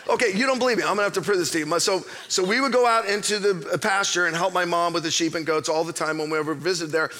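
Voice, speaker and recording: A middle-aged male pastor preaching a jokey, animated sermon in a church auditorium, moving between hushed asides and near-shouts. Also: sits high, rapid-fire, hardly any pauses.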